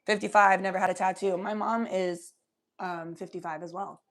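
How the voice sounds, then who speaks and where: A young woman hosting a casual livestream, chatting to viewers in a loose, giggly, profane way while high. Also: steady tone, moderate pace. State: high from smoking weed. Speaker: livestream host. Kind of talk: casual chat reading viewer comments.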